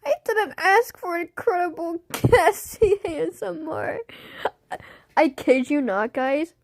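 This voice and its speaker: A woman's voice: extremely high pitch, expressive, slow pace, no echo, studio quality. A young woman chatting on a livestream, laughing constantly in a giggly, silly way. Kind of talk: casual livestream chat.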